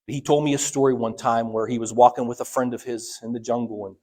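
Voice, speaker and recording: A man's voice: mid-range voice, steady tone, fast talker, darkish tone. A middle-aged man from Ohio, a church elder preaching a sermon, telling personal stories in a conversational way with restarts and acted-out voices. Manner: conversational, acts out quoted voices, many restarts.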